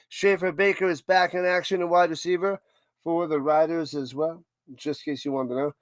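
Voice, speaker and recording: A man's voice: sits high, fairly even intonation, normal speed, fairly bright tone, no echo, studio quality. A man with a New York accent, hosting a live watch party with casual play-by-play commentary and chatting with viewers between plays. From United States. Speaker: livestream watch-party host doing play-by-play.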